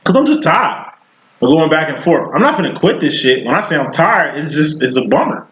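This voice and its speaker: A man's voice: fairly high pitch, sing-song, a little fast, fairly bright tone. Psychic vlogger, 30s, male, swears freely and talks straight, roomy, muffled home recording. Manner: blunt, profane street talk. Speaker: psychic tarot reader. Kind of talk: casual tarot reading vlog. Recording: roomy, dull lo-fi sound.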